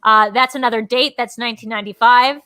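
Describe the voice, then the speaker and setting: A woman co-hosting a comedy live stream, rambling playfully with deadpan jokes. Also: a little high, fast talker. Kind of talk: casual comedic banter.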